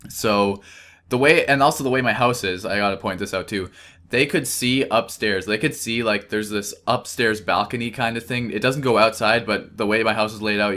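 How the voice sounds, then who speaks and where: A man's voice: fairly low pitch, fairly bright tone. A young man from Canada doing casual gameplay commentary, rambling through a story and correcting himself as he goes. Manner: rambling, chatty, self-correcting.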